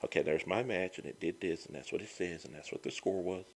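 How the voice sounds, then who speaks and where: A man's voice: deep voice, fast talker, breathy edge. A middle-aged man, a comedian guest telling stories in a casual chat. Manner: animated, lively storyteller.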